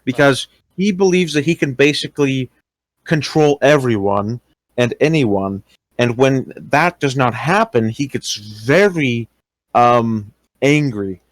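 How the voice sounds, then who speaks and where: A man's voice: mid-range voice, slow pace, no room sound. A young man speaking casually as an interviewee, hesitant, with many fillers and restarts. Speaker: interviewee recounting experiences. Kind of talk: casual voice-call talk.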